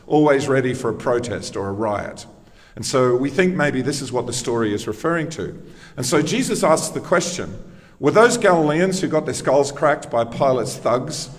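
Male preacher, middle pitch, chatty storytelling sermon, long church reverb. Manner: conversational storytelling with emphatic rhetorical questions.

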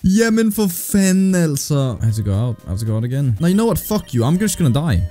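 A young man giving casual, excitable gameplay commentary, swearing often and ranting in frustration. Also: mid-range voice, very fast, soft background music. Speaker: gaming streamer.

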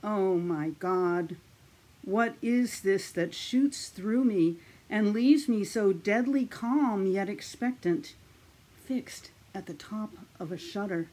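A woman's voice: mid-range voice, takes it slowly, dark tone. A woman reading a loyal first mate's anxious soliloquy in an earnest audiobook delivery. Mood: dread.

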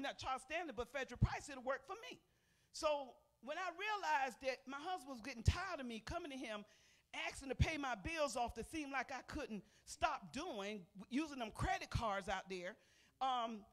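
Her voice sits high as this older woman pastor preaches a personal testimony from the pulpit of a church sanctuary. She's folksy and conversational, constantly calling to the congregation, and jumps between loud, emphatic bursts and near-murmured asides.

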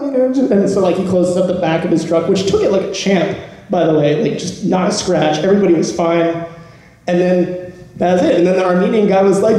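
High-voiced man telling a wild story. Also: moderate pace. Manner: animated, laughing storyteller. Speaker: podcast panelist. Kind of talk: storytelling at a convention panel. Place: convention panel room. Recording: echoey hall, panel mic.

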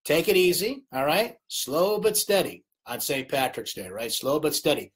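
A man's voice: a little high, animated, normal speed, breathy edge. A middle-aged man hosting a live late-night sports chat, ranting in exasperation at TV commentators, then wrapping up the show.

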